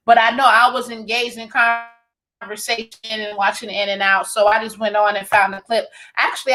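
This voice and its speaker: Woman radio host, a touch high in pitch, relaxed and chatty. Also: rough recording. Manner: quick, chatty, affirming. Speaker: talk show host. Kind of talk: casual radio show hosting.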